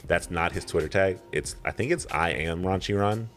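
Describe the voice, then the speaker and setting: A man's voice: low voice, moderate pace, a bit bright, soft background music. A man in his thirties co-hosting a podcast, chatting casually and rambling off on tangents with chuckles. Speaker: podcast co-host.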